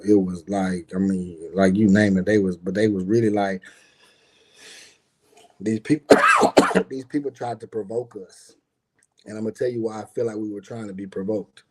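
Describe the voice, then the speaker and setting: A man telling a tense personal story in casual talk, animated, acting out quotes, with many fillers and swearing. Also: fairly low pitch, normal speed, pauses often. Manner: animated, acts out quotes, frequent fillers and profanity.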